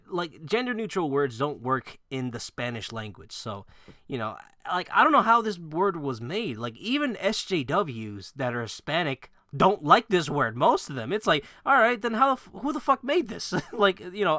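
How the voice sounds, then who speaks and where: A man's voice: on the high side, pushed and bright, no room sound, studio quality. A man giving a blunt, profane opinion rant to his viewers, rambling with fillers and laughing between points. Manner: loose rambling with restarts and fillers. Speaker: gaming video creator. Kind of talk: casual opinion rant to camera.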